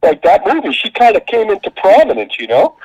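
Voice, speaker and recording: A man co-hosting a casual podcast, gushing excitedly about a movie. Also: brisk, slightly rough, dry recording, highs cut off. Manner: excitable, gushing, jumps in pitch. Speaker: podcast co-host.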